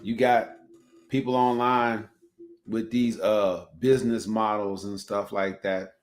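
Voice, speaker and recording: Man, podcast host, casual chat, emphatic, soft to loud hype. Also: fairly low pitch, level tone, slow pace.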